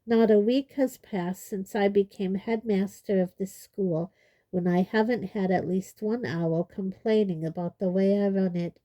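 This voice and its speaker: Very old, calm, wry headmaster, read by a woman; measured and kindly, warm dark voice. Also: mid-range voice, dull audio, natural voice. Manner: measured, pleasant, gently dry. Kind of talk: audiobook character voice.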